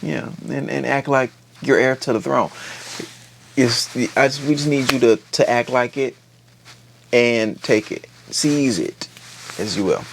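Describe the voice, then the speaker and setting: Gravelly man with a gossipy, profane recap. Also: mid-range voice, a little slow, slight background noise. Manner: gossipy, profane, slangy and animated. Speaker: TV show reviewer. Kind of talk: casual episode recap.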